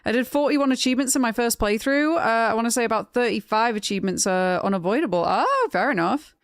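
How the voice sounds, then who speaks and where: A young woman streaming games, chatting casually with her viewers, frank and quick to laugh. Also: on the high side, expressive, dry recording. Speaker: game streamer. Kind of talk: casual chat with live chat.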